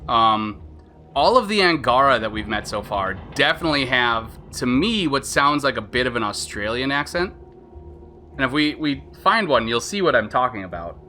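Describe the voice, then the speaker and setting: A man gaming on stream, talking in a loose, rambling way and often restarting his sentences. His voice is bright and forward, at a middle pitch for a man. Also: very animated, normal speed, a little hiss or hum. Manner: rambling, chatty, lots of fillers and self-interruptions. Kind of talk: casual live-stream commentary.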